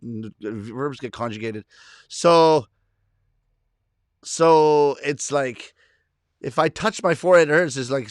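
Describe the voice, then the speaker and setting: Reading his viewers' comments out loud, this middle-aged Canadian livestreamer keeps things chatty, laughing easily at his own expense. He speaks at medium pitch, slowly and with frequent pauses, in a dry, clean studio recording.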